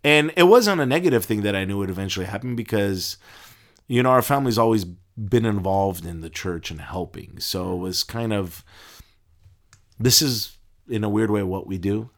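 A middle-aged man, an interview guest who is a deacon and pharmacist, telling stories casually, laughing and stumbling, his pitch jumping up when he gets excited. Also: normal speed.

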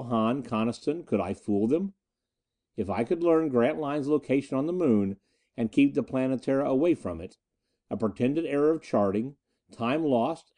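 A male narrator reads a first-person adventure story with dramatic expression. His mellow, dark voice moves through a lively range as the tale unfolds. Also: mid-range voice. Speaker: audiobook narrator.

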